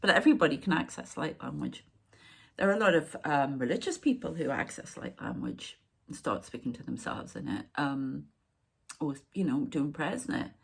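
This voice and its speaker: Woman medium, middle-aged, breathy and lowish, meanders, slips into whispers. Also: wildly swooping pitch, normal speed. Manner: meandering, drifts into hushed whispered asides. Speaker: psychic medium. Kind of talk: rambling spiritual channelling monologue.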